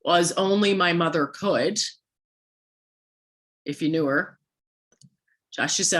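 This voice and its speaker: A woman with a hoarse, worn-out voice giving a motivational coaching talk to a sales team, firing off rhetorical questions at her listeners. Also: on the low side, slow, pauses often, a bit bright.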